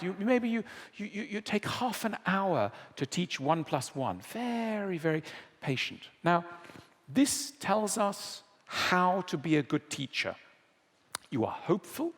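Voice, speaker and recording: A man giving a public lecture, animated and acting out the voices he quotes. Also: on the high side. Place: large lecture hall. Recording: long reverb of a lecture hall.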